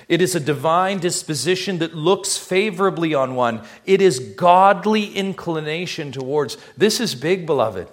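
A man's voice: on the high side, lively intonation, normal speed, few pauses. A man preaching a sermon as pastor, emphatic, drawing the congregation in with rhetorical questions he answers himself.

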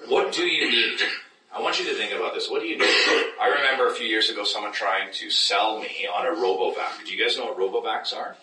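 A man preaching a sermon as pastor, animated, acting out doubters in high mocking voices. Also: fast. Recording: echoey room, mic at a distance.

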